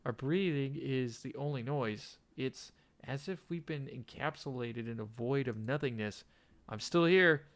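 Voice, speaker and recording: A man's voice: medium pitch, a little slow, hardly any pauses. A young man casually reading a visual novel aloud, often stumbling and rereading lines. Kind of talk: let's play narration, reading game text.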